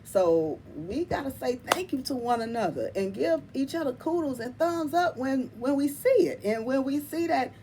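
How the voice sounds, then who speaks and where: A woman hosting her tarot channel, chatting casually to viewers in an animated, emphatic way, laughing often and calling them y'all and honey. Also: high voice, normal speed, few pauses, slight background noise. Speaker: tarot reader and channel host.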